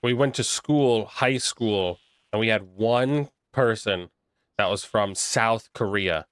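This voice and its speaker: A man's voice: fairly low pitch, slow pace, a bit bright, clean tone, no room sound, clean studio sound. A young man chatting casually on a live stream, rambling and making crude jokes while reacting to chat. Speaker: livestreamer reading chat.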